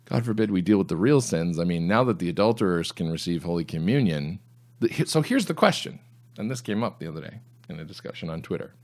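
Deep-voiced sarcastic man hosting a podcast. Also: lively intonation, fast talker. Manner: sarcastic, reading tweets aloud with mocking asides. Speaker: podcast host. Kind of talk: solo commentary podcast.

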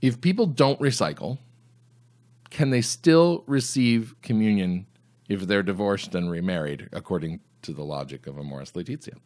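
A man's voice: lowish voice, expressive, normal speed, darkish tone. A man hosting a solo commentary podcast, reading items aloud and answering them with sarcastic, mocking asides. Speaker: podcast host.

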